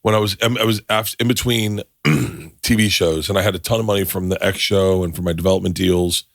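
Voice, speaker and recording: A man's voice: low voice, brisk, no echo, studio quality. A middle-aged man hosting a podcast, telling stories casually and acting out both sides of conversations. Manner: animated storyteller, acts out both sides of phone calls. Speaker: podcast host. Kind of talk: casual storytelling chat.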